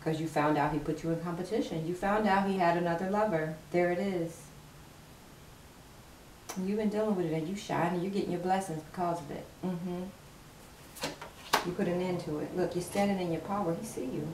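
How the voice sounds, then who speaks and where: A woman's voice: lowish voice, fairly even intonation, brisk, a little mellow, far from the mic. A woman doing a casual tarot reading in an emphatic, sassy manner, repeating her points for effect. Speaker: tarot card reader. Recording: roomy, from afar, faint hiss.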